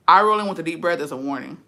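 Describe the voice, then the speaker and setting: Sassy, profane young woman with a lively voice. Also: sits low. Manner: profane, sassy, laughs often. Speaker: streamer reading chat. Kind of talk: casual live-stream chat.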